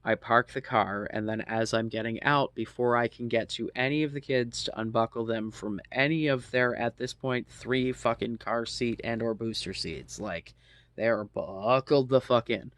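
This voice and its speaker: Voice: medium pitch, normal speed, a bit bright, dry recording. An adult in their thirties casually telling a personal story, rambling with lots of ums and asides and swearing freely.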